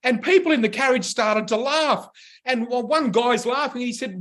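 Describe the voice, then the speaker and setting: A man's voice: very high voice, lively intonation, normal speed, fairly bright tone. A middle-aged man co-hosting a radio talk show, telling a story animatedly and laughing often. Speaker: radio co-host. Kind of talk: casual chat, storytelling.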